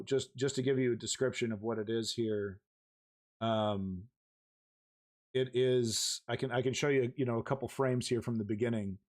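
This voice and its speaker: A man's voice: mid-range voice, a little mellow. A man hosting a live news stream, talking casually in a rambling, emphatic way full of restarts and the odd curse word.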